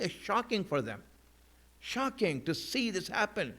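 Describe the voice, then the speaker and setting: A man delivering a mourning sermon in a conversational way, with many fillers and restarts, at a mosque. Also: high voice. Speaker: religious speaker. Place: mosque hall.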